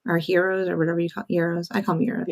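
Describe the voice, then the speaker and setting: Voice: medium pitch, flat delivery, rapid-fire, creaky. A friend in casual chat, teasing and playful with short replies.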